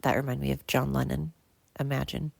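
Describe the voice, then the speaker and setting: A woman's voice: extremely low pitch, flat delivery, brisk, vocal fry, no echo. Blunt, swearing older woman ranting. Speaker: podcast host. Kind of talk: solo podcast monologue.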